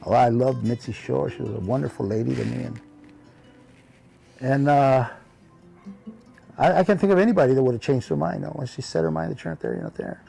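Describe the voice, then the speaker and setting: A man with a heavily gravelly, dark-toned voice recalls old friends in a reflective interview. He talks in a loose, heartfelt way, leaning on "you know" and slipping into the voices of people he remembers. Faint guitar plays softly underneath. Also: medium pitch, fairly quick, pauses often. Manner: acts out remembered dialogue in his telling. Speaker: interview guest, comedian. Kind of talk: reflective storytelling in conversation.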